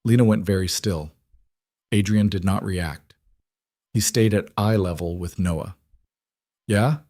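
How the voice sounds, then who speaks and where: A man narrating a scripted story in a measured, even delivery. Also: deep voice, dry recording, studio quality.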